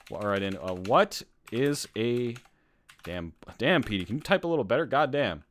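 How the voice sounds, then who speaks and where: A man's voice: on the low side, very animated, fairly quick. A young man from Canada hosting a casual live-streamed podcast, worked up and ranting with lots of swearing. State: sweating. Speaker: podcast host.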